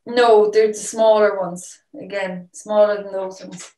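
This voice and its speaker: A woman's voice: medium pitch, flat delivery, measured pace, dark tone, slight background noise. A woman from Ireland, a musician guest, chatting casually and rambling through her stories. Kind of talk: casual chat. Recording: echoey room.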